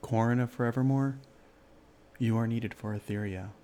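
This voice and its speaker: A man voicing a wise, solemn male lion who speaks in slow, grave, measured sentences. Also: mid-range voice, fairly even intonation, mellow, close to an everyday voice.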